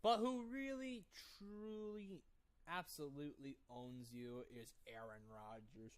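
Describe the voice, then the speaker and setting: A man's voice: medium pitch, slow, clear, resonant tone. A man doing a gleeful voice-over about sports, gloating and sarcastic. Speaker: YouTube commentator.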